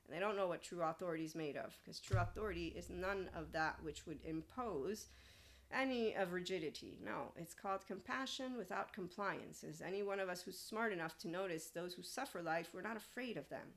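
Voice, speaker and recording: A woman's voice: fairly low pitch, a little fast, vocal fry. A woman hosting a spiritual self-help podcast, talking in a blunt, opinionated monologue and swearing freely. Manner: reads an AI answer aloud and responds to it. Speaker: podcast host.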